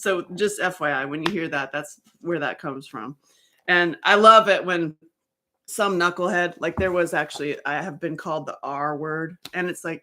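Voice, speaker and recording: A woman talking casually to her viewers about healing, rambling and animated, often breaking off mid-sentence. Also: lowish voice, normal speed. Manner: rambling, animated, self-interrupting. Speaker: author and survivor advocate. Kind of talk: casual livestream talk.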